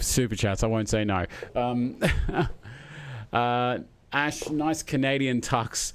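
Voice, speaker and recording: On a live stream, a middle-aged Australian man with a medium-pitched voice chats in a loose, relaxed manner. He wanders from point to point, pauses to chuckle, and leans heavily on ums and uhs.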